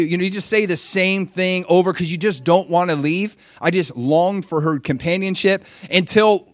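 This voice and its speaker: A young adult man preaching a sermon with animated storytelling, acting out the voices of people in his stories. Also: high-pitched, normal speed, few pauses, no room sound.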